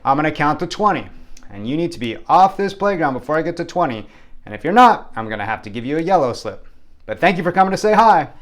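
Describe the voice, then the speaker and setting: A man's voice: fairly high pitch, very animated, fast, voice pushed up. A man voicing a kind, firm schoolteacher lady. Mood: kindly firm. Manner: sweet, patient, then stern warning. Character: kind but firm female elementary schoolteacher.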